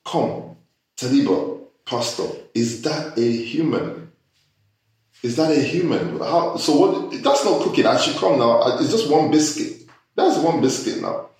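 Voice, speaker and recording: A man hosting a casual chat, animated and joking as he tells stories with disbelief. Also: mid-range voice. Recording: echoey room, mic far off.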